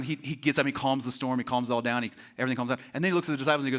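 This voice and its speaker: A man's voice: medium pitch, rapid-fire, few pauses. A man preaching a sermon as pastor, joking and acting out quotes with lots of energy. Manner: animated, joking, acts out quotes. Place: church.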